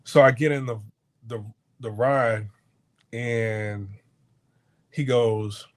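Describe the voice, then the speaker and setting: Man, casual storytelling, rambling with restarts, mid-pitched voice, quotes people with feeling. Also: very slow, long pauses. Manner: rambling with many restarts and stammers; animated retelling with acted-out quotes. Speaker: podcast host. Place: hotel abroad.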